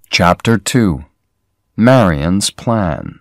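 Slow, deliberate male story narrator. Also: on the low side, animated, dry recording, clean studio sound. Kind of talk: slow graded-reader narration for learners.

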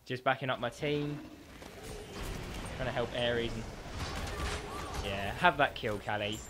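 A man giving excitable, sweary commentary on his own gameplay, trash-talking as he plays. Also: medium pitch, a little slow, heavy background noise. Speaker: gaming YouTuber.

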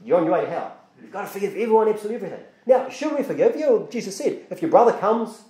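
A man's voice: high voice, animated, rapid-fire, mellow, echoey room. A male pastor, preaching a sermon in a conversational way, with frequent restarts and acted-out quotes. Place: church.

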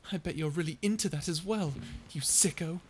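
A woman's voice: deep voice, a little fast, a little mellow, slightly rough. A woman voicing a prickly young sea creature who stammers and hides her fear behind insults, in a listener-perspective audio drama. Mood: scornful. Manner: stuttering, flustered tsundere bluster.

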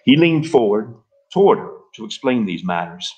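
A man reading a novel aloud in an expressive storytelling manner. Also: on the low side, normal speed, breathy edge. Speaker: reader. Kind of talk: literary reading.

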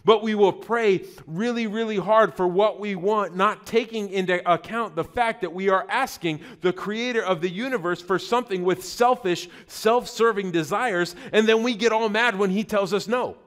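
A man's voice: sits high, moderate pace, few pauses, fairly bright tone. A middle-aged man preaching a sermon as pastor, conversational and joking, often repeating words mid-thought.

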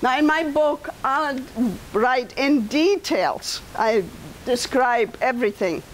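Older German-accented woman, high voice. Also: takes it slowly, slight background noise, rough recording. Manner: conversational, addresses listeners with asides. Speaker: guest speaker and author. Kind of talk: storytelling talk to an audience.

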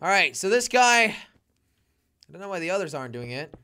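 Young man, gaming livestream commentary, lively pitch swings, excitable, talks back to chat. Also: a little fast, clean tone. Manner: excitable, exclaiming and fretting aloud; reads and answers chat. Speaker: gaming streamer. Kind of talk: live gameplay commentary.

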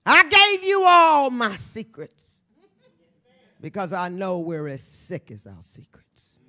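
A woman in her sixties, an author guest on stage at a live book event, talking to the audience in a brash, profane, stand-up style, swinging from shouts to hushed near-whispers. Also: mid-range voice, wildly swooping pitch, takes it slowly. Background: faint audience murmur and laughter.

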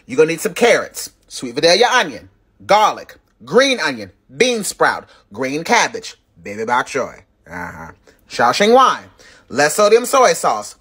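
A man hosting his own cooking channel, walking viewers through a recipe in a casual, animated way, sassy and quick to cuss as he talks straight to them. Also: high voice, slightly rough.

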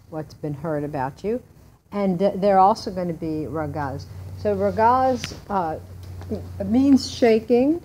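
Woman teaching a class, a bit low-pitched. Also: a little mellow, slight background noise, poor audio. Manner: explains word by word, asks the class questions. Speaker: Hebrew teacher. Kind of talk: classroom Bible lesson with students.

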